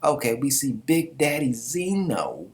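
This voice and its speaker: A man's voice: medium pitch, very animated, measured pace, a little mellow. A man hosting a casual manga reaction, talking in loose slang with laughing asides.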